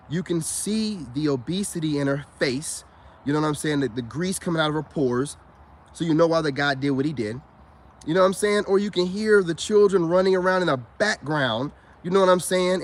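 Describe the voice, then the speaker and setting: A man ranting in a combative vlog monologue. He repeats himself and keeps dropping "you know what I'm saying.". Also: a little high. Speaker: vlogger.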